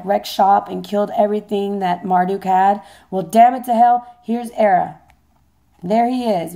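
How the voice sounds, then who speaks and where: A hoarse woman giving a chatty, playful tarot reading, swearing casually as she talks. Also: mid-range voice, warm tone. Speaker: tarot reader.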